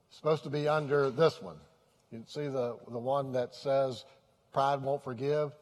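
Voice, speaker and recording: High-voiced man preaching in a hall. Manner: earnest, repeats phrases for emphasis. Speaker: pastor. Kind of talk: sermon.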